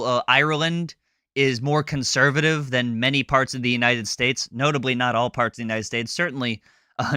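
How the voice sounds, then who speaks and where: Bright-voiced man ranting sarcastically. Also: medium pitch, dry recording, clean studio sound. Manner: fast, sarcastic ranting with many fillers. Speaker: live stream host. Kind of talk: casual chat reacting to a clip.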